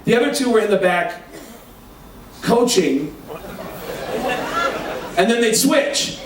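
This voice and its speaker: High-voiced man telling a stand-up story. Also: slow pace, recorded from a distance, a crowd in the background, noisy background. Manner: animated, swearing, acts out quoted voices. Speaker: stand-up comedian. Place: comedy stage before a live audience. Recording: echoey live room, mic heard from afar. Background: audience laughter.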